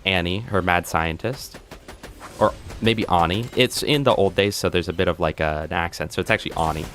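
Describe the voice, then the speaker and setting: A man streaming a game live, telling rambling pun jokes to his chat and bursting into excited reactions. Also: moderate pace, slight background noise. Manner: animated, jumps into high excited outbursts. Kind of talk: live gameplay commentary.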